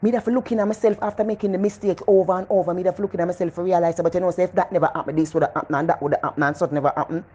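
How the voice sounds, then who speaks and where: A middle-aged woman with a Jamaican accent giving a casual motivational talk, animated and preachy, repeating phrases for emphasis. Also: fairly low pitch, racing, few pauses, muffled recording. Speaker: motivational vlogger.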